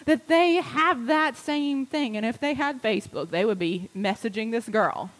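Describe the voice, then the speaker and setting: A woman pastor preaching a sermon in a church, moving between quiet, intimate repetition and emphatic rising lines. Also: a little high, moderate pace, slight background noise, low-quality recording.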